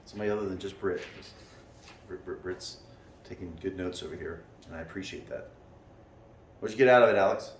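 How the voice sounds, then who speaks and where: A man telling a story to his class as their teacher, animated, acting out what people said with many restarts. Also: sits low, brisk, long pauses, roomy sound, distant mic, background noise. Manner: animated, acts out quotes in raised voices, many restarts. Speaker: martial arts teacher leading a class. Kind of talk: storytelling lesson to students.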